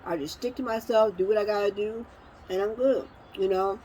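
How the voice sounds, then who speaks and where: A middle-aged woman talking candidly in a casual vlog monologue, venting about life in relaxed everyday speech. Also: mid-range voice, normal speed, a little hiss or hum, low-quality recording. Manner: candid, venting, conversational with slang. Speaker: vlogger. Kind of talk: casual monologue while eating.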